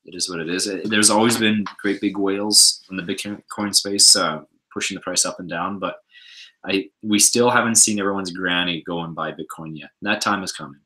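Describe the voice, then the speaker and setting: A man with a very low voice and a bright, forward tone chats on a home livestream. He answers viewer questions in a relaxed way, often restarting his sentences. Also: normal speed, low-quality recording. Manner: laid-back, rambling with restarts. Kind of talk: casual livestream chat.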